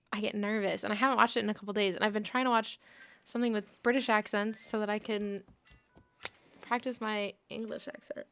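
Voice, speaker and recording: A woman in her late twenties with a medium-pitched, fairly bright voice hosts a livestream. She chats casually and rambles while gaming, often filling her sentences with "like".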